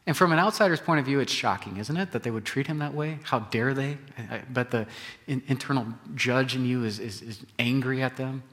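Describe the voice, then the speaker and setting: A man preaching a sermon from the pulpit, with dramatic swings from loud emphasis to quiet, hushed phrases. His voice sits at a middle pitch. Long reverb trails after each phrase in a large church. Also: brisk. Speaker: pastor.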